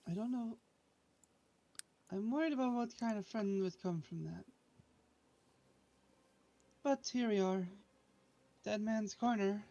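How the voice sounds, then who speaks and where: A woman playing a tabletop game, talking casually and hesitantly with many pauses. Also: mid-range voice, warm tone. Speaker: player. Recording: dull lo-fi mic.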